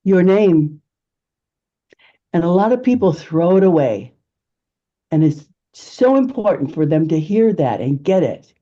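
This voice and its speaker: A woman giving a lively, emphatic networking pitch as a presentation skills coach, laughing often. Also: a little slow, long pauses, highs cut off.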